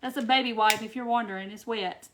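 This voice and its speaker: A woman's voice: a little high, fairly even intonation, quick pace, slight background noise. Chatty woman hosting a live craft demo. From Wisconsin. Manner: chatty, answers viewer comments, mutters soft asides to herself. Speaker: craft tutorial host.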